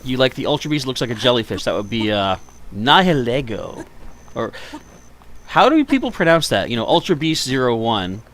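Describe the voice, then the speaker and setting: A man's voice: mid-range voice, very animated, moderate pace, fairly bright tone. Chatty man streaming a video game. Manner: rambling and chatty, talks to viewers and enemies. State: tired, yawning. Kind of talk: casual gameplay commentary.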